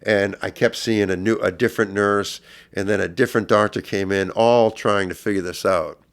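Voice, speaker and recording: A middle-aged man, a podcast guest, earnestly retelling a personal story, his voice swelling louder at intense moments. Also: fairly low pitch, steady tone, normal speed.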